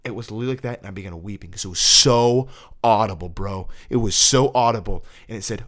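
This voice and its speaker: A man in his twenties, a podcast co-host, telling a personal faith story in casual chat and acting out voices from shouts to whispers. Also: lowish voice, fast talker. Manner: animated storyteller, acts out voices from loud yells to hushed whispers.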